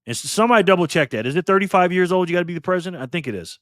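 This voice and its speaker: A man talks casually on a live stream, greeting viewers one by one and joking with them in a light, teasing way. His voice sits a bit high for a man. The sound is close and dry, with no room echo. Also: expressive, rapid-fire, a bit bright. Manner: playful, teasing, greets chatters by name.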